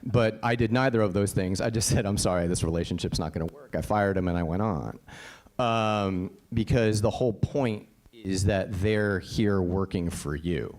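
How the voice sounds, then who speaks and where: A man's voice: fairly low pitch, normal speed, darkish tone. A man from Connecticut, a voice actor on a panel, telling stories in a blunt, emphatic way, swearing now and then and often asking "right?". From Connecticut, USA. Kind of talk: casual panel storytelling.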